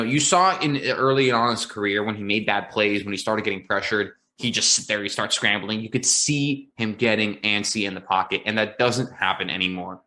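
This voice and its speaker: A man's voice: fairly low pitch, sharp tone. A man co-hosting a casual sports podcast, talking earnestly and emphatically with frequent fillers. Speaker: podcast co-host, football fan.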